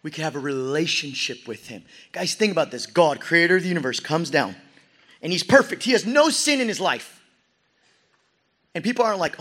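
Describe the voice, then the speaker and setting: A young male preacher with a high, bright, ringing voice delivers a dramatic sermon. He swings from hushed, intimate lines to near-shouted peaks, and voices the characters in his story as he goes. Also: expressive, a little fast, long pauses. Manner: acts out crowd voices in quoted asides.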